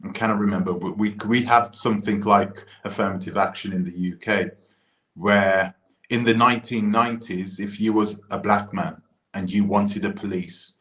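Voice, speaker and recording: Male commentator from the UK, slightly low voice, animated and rambling, echoey room. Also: normal speed. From United Kingdom. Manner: animated, frequent restarts and asides. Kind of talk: casual opinion monologue. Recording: roomy echo.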